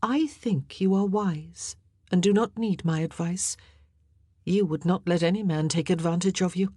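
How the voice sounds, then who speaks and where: A woman voicing a regal young queen who speaks in a brisk, commanding but kind way in an audiobook. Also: on the low side, warm tone, slightly rough, dry recording, clean studio sound, pitched above the performer's own voice.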